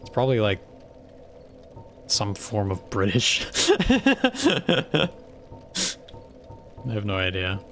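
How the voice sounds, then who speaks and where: A man's voice: fairly low pitch, fairly even intonation, moderate pace, pauses often, a bit bright, faint music behind. A man streaming a video game live, chatting casually, swearing and laughing as he plays. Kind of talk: casual live gameplay commentary.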